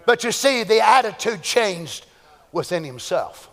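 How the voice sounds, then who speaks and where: High-voiced preacher. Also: male voice, sing-song, measured pace. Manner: fervent preaching, rising to shouts and dropping to hushed asides. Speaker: pastor. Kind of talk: Pentecostal sermon. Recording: long church hall reverb.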